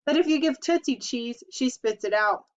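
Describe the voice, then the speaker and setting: A woman voicing an excitable small boy who chatters on and won't stop blabbing, in a storybook reading. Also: high-pitched, normal speed. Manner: chattering, eager. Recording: dull lo-fi recording.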